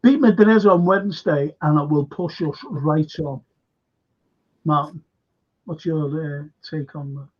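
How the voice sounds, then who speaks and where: An older man hosting a casual fan podcast, rambling, animated and swearing a lot. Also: fairly high pitch, unhurried. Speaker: host. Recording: dull lo-fi call audio.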